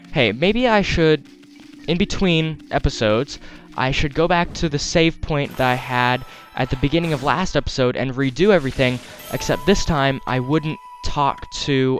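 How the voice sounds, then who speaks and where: Male let's play host, Wisconsin accent, mid-pitched, casual playful commentary on a headset mic with soft game music underneath. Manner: chatty, playful, self-correcting, talks to the game characters. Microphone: desktop headset mic. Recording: faint game music behind.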